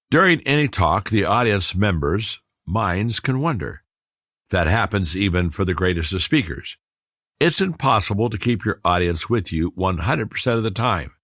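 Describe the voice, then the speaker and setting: A middle-aged man narrating an audiobook in a measured, deliberate way, leaning on pauses for emphasis. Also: on the low side, fairly bright tone, no echo, clean studio sound.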